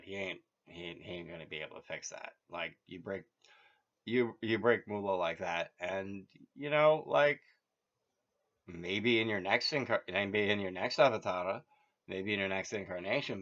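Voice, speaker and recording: On muffled, lo-fi audio, a man whose voice sits on the low side with a bit of brightness rambles through a casual story. He restarts often, leans on fillers, and laughs at his own jokes.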